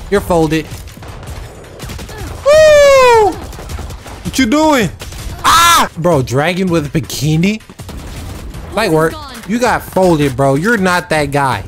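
A gamer giving excited, trash-talking commentary while playing a shooter game. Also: mid-range voice, a little slow. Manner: hyped, whooping, trash-talking. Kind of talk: live gameplay commentary. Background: faint game music and gunfire.

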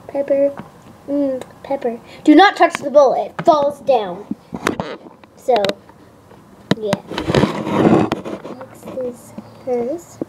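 A woman's voice: sits high, animated, slow pace, long pauses, background noise. A young girl playfully hosting a toy cooking video with a friend, giggly and bossy. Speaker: video maker.

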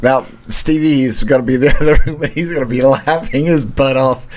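A man's voice: medium pitch, fairly quick, a little hiss or hum. A man hosting a live talk show, rambling and stumbling over his words, poking fun at himself and laughing often. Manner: rambling, stumbling, self-mocking, laughs a lot. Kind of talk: casual live show chat.

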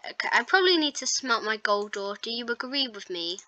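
A woman's voice: a little high, very animated, a little fast, bright, forceful tone. A woman hosting a gaming video, chatting casually and rambling with self-mocking asides while she plays. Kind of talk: casual gameplay commentary.

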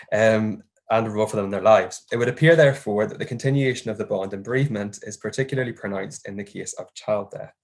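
Low-voiced young man reading a paper. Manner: measured and formal, marking quotations aloud. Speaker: doctoral researcher presenting a paper. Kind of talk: reading an academic paper aloud.

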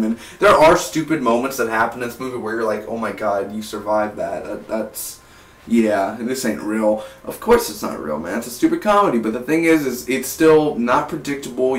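Brief: young male film vlogger, enthusiastic and rambling, middle pitch, echoey room with the mic set back. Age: 20s. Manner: rambling, restarts sentences, enthusiastic. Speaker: film reviewer. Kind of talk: casual vlog review. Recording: roomy, distant from the mic.

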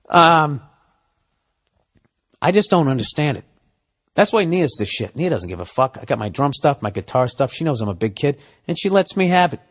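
A man's voice: a little high, fairly bright tone. A man hosting a podcast, ranting in a profane, exasperated comedic style and acting out both sides of arguments. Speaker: podcast host. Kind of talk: comedic rant.

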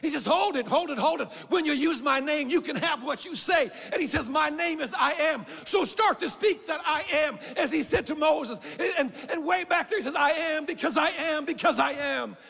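A male pastor preaching a fervent sermon, shouting out lines and then dropping low. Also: normal speed, vocal fry, hardly any pauses, long reverb tail. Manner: fervent preaching, swings between shouting and quiet. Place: church sanctuary.

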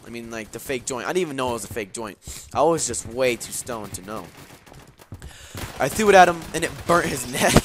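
A gaming video host, a young man with a mid-range, fairly bright voice, casually tells a rambling story full of swearing and fillers while playing a shooter game. Gameplay gunfire and clicks sit behind his voice, along with a little hiss or hum.

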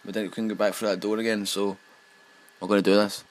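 A man with a Scottish accent giving sweary, excitable let's play commentary as he plays a game. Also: on the low side, fairly quick, rough recording.

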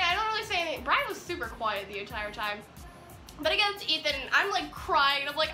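A teenage girl excitedly retelling a story in a vlog, acting out the dialogue as she goes. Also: very high voice, quick pace. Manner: bubbly, animated retelling with quoted dialogue. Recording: echoey room with faint music.

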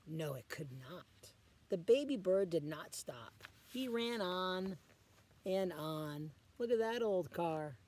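A man reading a picture book aloud to children as a guest reader, pausing often to ask the children questions. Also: high-pitched, lively intonation, darkish tone.

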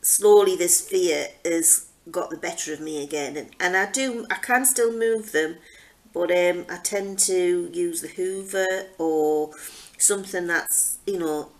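Rambling lady, lower pitch, restarts a lot, acts out her own reactions. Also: unhurried, low-quality recording. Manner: chatty, rambling, with many restarts and fillers. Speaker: craft channel host. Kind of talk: casual storytelling.

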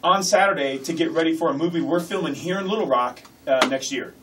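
A man who promotes fight events, talking excitedly in a casual radio studio interview. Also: fairly high pitch, recorded from a distance, low-quality recording. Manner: excited, fast-talking, jokey. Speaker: MMA fight promoter, guest.

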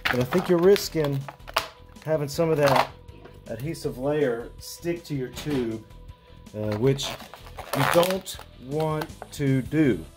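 A man hosting a hands-on repair walkthrough, explaining each step in a relaxed way with frequent fillers and restarts. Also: medium pitch, slow, over loud music. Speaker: retro electronics repair host.

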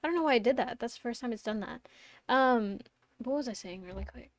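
A woman's voice: on the high side, a little fast, no room sound. A young woman streaming a game, chatting casually in a rambling way, reading chat aloud and laughing often. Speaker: VTuber streamer. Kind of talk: casual live-stream chat while gaming. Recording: steady audible background noise.

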